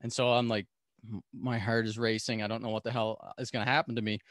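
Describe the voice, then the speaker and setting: A man's voice: fairly low pitch, quick pace, no echo, clean studio sound. A man telling a story as a podcast guest, talking animatedly and laughing often. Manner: animated, laughs often, acts out quoted voices. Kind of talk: storytelling in a casual interview.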